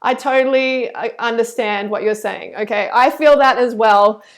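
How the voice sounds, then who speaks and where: A woman with a fairly high voice, speaking at normal speed, hosts a live stream and reads super chats. She is chatty and effusive when thanking donors but turns earnest and preachy when she campaigns.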